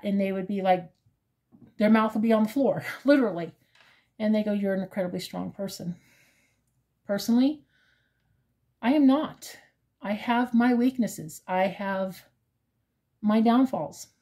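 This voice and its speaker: A woman in her fifties, talking in a casual personal vlog with a hesitant, halting manner full of fillers, earnest and openly emotional. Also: medium pitch, mellow. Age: 50s. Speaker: crochet vlogger.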